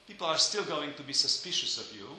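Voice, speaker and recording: Bright-voiced man lecturing in an echoey room. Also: fairly high pitch, sing-song, fast talker, slight background noise. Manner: hesitant with many fillers, dry joking asides.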